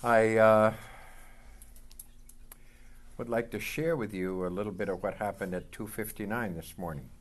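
A man preaching a sermon as pastor, leading call-and-response lines and reading scripture slowly and deliberately. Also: lowish voice.

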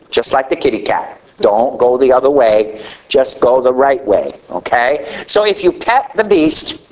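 A middle-aged man preaching a sermon, telling a story with animated delivery that swings between loud emphasis and quiet asides. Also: muffled recording. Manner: animated storytelling preacher, rising to a near shout then dropping low.

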